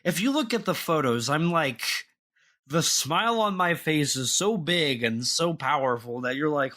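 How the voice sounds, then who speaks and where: A man's voice: fairly high pitch, lively intonation, normal speed, bright, forceful tone. A young man co-hosting a podcast, talking in a casual, rambling way with many restarts and fillers. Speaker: podcast co-host.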